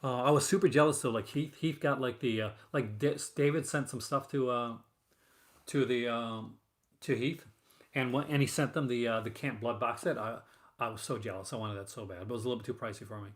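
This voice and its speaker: Man, casual stream host, rambling, lots of fillers, average pitch. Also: steady tone, a little fast. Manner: rambling, full of fillers and restarts. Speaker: host of a horror film collecting show. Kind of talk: casual live-stream chat.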